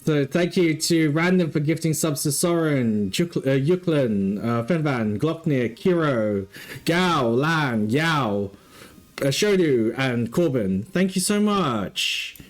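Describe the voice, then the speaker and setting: A man hosting a live stream, laughing often and getting excited and loud over donations. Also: fairly high pitch, slow pace. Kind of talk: casual live-stream chat. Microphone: desk mic close up.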